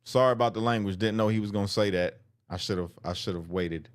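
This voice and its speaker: A man talks over a clip in loose, slangy commentary. His voice sits fairly low. He speaks bluntly and answers the clip directly. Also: brisk, faint music behind. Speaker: host reacting to a clip. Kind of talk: casual commentary.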